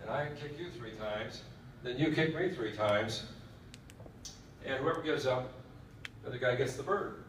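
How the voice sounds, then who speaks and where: A man's voice: medium pitch, measured pace, long pauses, a bit bright, a little hiss or hum, close to an everyday voice. A man playing a tough old retired marine sergeant major, answering in short, dry phrases. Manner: dry, laconic. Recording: echoey hall from far off.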